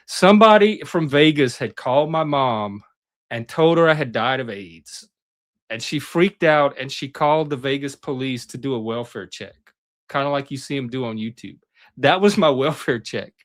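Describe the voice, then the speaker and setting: Man, middle-aged, casual storyteller, animated, mid-pitched voice, acts out quotes. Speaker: panelist.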